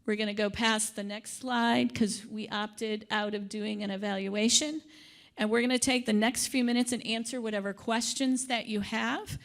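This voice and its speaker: A woman's voice: a little high, steady tone, normal speed. An older woman from Michigan giving a conference workshop presentation, chatty, with joking asides and the odd stumble over her words.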